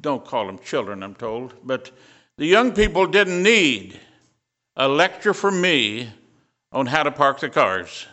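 Bright-voiced older man preaching. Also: mid-range voice, sing-song, a little slow. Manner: storytelling, rising to fervent emphasis. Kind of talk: sermon.

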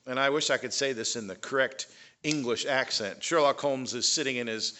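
Guy talking to a crowd, chatty, lots of ums, bright voice. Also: medium pitch, brisk. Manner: conversational, many fillers, rising emphasis on key points. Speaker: speaker. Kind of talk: talk to a live audience.

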